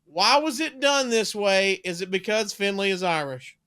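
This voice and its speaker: A man co-hosting a podcast, reading through a match recap briskly with light joking asides. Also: high-pitched, lively intonation, sharp tone, clean tone. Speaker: podcast co-host.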